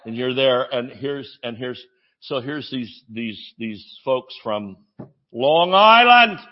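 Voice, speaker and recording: Animated male pastor preaching. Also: mid-range voice, slow pace, muffled recording. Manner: animated preaching, shouting exclamations, asides and jokes. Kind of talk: sermon.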